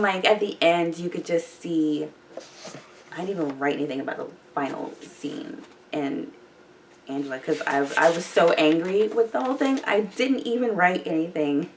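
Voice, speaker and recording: A woman's voice: sits low, distant mic. A woman hosting a reaction video, chatting casually and rambling with lots of filler words.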